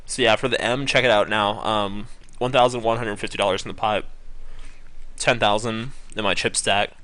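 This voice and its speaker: A man's voice: on the low side, fairly even intonation, moderate pace, a bit bright. A young man giving casual live-stream commentary on poker, rambling with many ums and correcting himself as he goes. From California.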